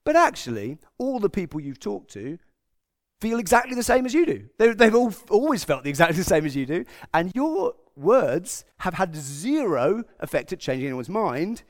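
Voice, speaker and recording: A man's voice: high voice, normal speed. A man from Britain giving a conversational sermon, acting out quotes as he goes. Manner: conversational, animated, acts out quotes. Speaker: preacher.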